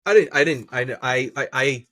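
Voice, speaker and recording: A man co-hosting a casual podcast from home, who laughs a lot and gets animated while retelling jokes. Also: mid-range voice, moderate pace, no room sound. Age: adult parent. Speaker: podcast co-host. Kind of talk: casual chat. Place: home room. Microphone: camera and mic at home.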